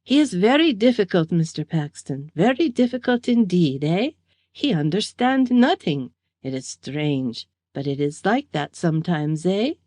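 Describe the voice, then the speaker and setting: A woman's voice: medium pitch, lively intonation, a little slow, few pauses, a little mellow, no room sound, studio quality, lightly acted. A woman voicing a sinister, gaunt German-American man who needles with a mocking "eh?" in an audiobook. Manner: needling, repeats himself with a mocking "eh?".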